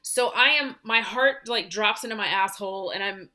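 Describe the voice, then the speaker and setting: Animated, bright-voiced woman telling a story. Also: medium pitch, moderate pace. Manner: animated storytelling, swears freely. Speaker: teacher and podcast co-host. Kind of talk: casual chat.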